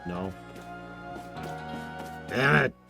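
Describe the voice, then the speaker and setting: A man streaming a video game, giving animated, jokey and sarcastic casual commentary. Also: mid-range voice, drawn-out words, creaky, over music.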